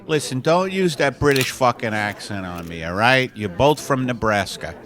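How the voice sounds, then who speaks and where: A man's voice: medium pitch, expressive, moderate pace, fairly bright tone, close to an everyday voice. A man playing an exasperated, foul-mouthed male portrait photographer in an improvised sketch. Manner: exasperated, cursing, bossy.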